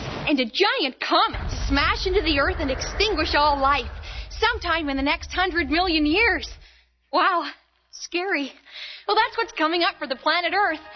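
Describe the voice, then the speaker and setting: A woman's voice: sits high, a little hiss or hum. A woman playing a perky weather presenter in a spoof newscast, with a bubbly, chirpy delivery. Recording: dull lo-fi with faint music.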